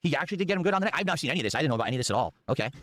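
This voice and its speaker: A man's voice: on the high side, racing, a little hiss or hum. A man hosting a commentary show, reacting to clips in a mocking, rambling way. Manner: mocking, animated, rambling asides. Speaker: commentary channel host.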